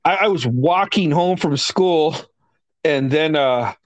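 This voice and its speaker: A man's voice: on the high side, takes it slowly, no room sound. A man casually telling stories, swearing a lot and laughing through them. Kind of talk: casual storytelling chat.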